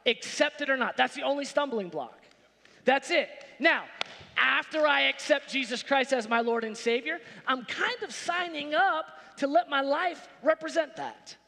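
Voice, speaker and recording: A man's voice: extremely high pitch, moderate pace, gravelly, sharp tone. A man preaching a sermon as pastor, emphatic and repetitive, building to exclamations. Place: church sanctuary. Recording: reverberant church hall with background music.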